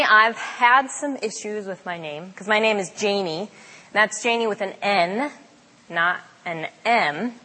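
A woman's voice: medium pitch, a bit bright. A young woman on a campus ministry staff giving a casual, chatty sermon talk with frequent fillers. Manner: chatty, self-deprecating, with fillers. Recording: long hall reverb.

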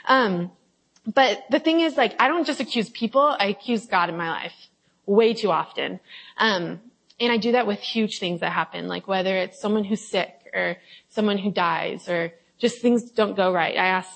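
A woman's voice: medium pitch, fairly quick, rough recording. A young adult woman giving a casual devotional talk, reading scripture and then chatting confessionally, with many fillers and acted-out quotes. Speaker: Bible study leader.

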